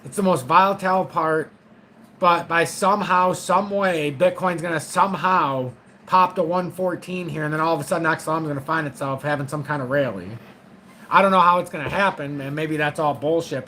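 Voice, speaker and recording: Middle-aged male host, bright and forceful, blunt and cussing, faint hum behind. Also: on the high side, rough recording. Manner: blunt and profane, frank, talks straight to his audience. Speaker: crypto trading channel host. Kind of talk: casual market commentary to viewers.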